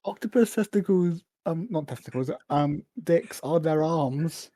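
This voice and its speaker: A man's voice: a little high, animated, a little slow, warm tone, dry recording. A man co-hosting a casual podcast, blunt and stubborn, swearing freely. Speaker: podcast co-host.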